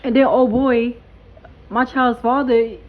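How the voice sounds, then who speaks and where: A woman's voice: a little high, little pitch movement, slow, phone-quality sound, slight background noise. A woman doing a casual spiritual reading vlog, hyped and blunt, talking in slang and swearing freely. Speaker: tarot reader.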